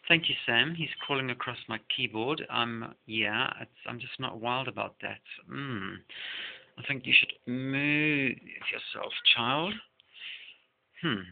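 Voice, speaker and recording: A man's voice: mid-range voice, gravelly. A man chatting casually at his computer in a home vlog. He is chatty and easily sidetracked, breaking off to talk to his pets. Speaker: video blogger reading song lyrics. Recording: tinny lo-fi phone-like sound.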